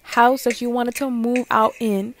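A woman's voice: a little high, little pitch movement, a little slow, noisy background, natural voice. A woman voicing an angry mother who scolds her pregnant teenage daughter in a life-sim game. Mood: scolding. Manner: stern, scolding.

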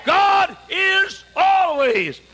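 A man preaching a sermon with passion, hammering rhetorical questions and often raising his voice to a shout. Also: very high voice, very animated, extremely slow, a little hiss or hum.

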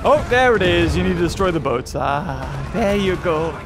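A young man excitedly commentating his gameplay, often exclaiming and laughing. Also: high-pitched, moderate pace, hardly any pauses. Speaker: gaming YouTuber. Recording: game music behind voice.

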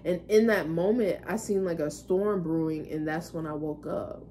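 Speaking at a moderate pace in a low, dark-toned voice, a woman vlogger tells casual, meandering stories about her own life, with occasional swearing. There's a little hiss or hum on the recording.

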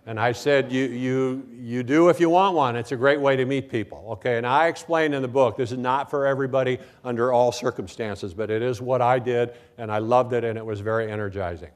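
A man's voice: mid-range voice, brisk, hardly any pauses. Older man telling classroom stories. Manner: storytelling, acts out quoted voices, frequent "okay, now". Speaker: speaker at a conference. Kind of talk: keynote talk with anecdotes.

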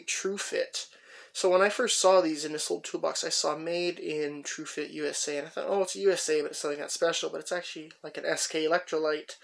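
This tool collector chats his way through his finds unhurriedly, pausing with "uh" again and again as he lifts each item. His voice has a gravelly, slightly high quality, and the whole thing feels like relaxed show-and-tell.

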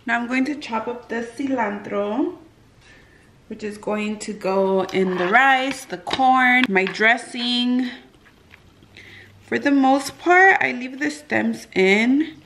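A woman's voice: on the high side, slow. A woman vlogger casually talking through each cooking step in her home kitchen. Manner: relaxed, talks through each step as she works. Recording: kitchen noise with clicks and clatter.

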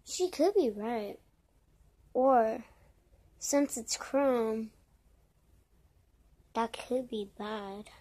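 A woman voicing a bickering group of characters in a homemade story, brash and quick to swear, swinging from yelling to low mutters. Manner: brash, swears often, switches between shouting and mumbling. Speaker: voice-over creator.

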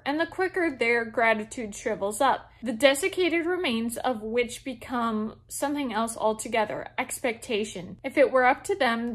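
A woman's voice: fairly high pitch, natural voice. A woman reading as a cold, protective young man. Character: brooding, ruthless young man, fiercely protective. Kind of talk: reading a novel aloud.

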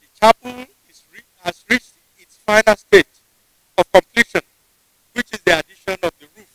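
A man with a Nigerian English accent giving a formal convocation address in a measured, deliberate way, often restarting his phrases. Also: high voice, bright, forceful tone, no room sound, poor audio. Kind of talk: formal ceremonial speech. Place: ceremony venue.

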